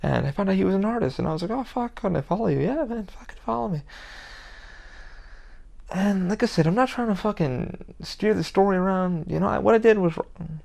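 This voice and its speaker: A podcast host with a high-sitting, gravelly, darkish voice speaks briskly in a casual monologue. It's heated and rambling, with constant swearing.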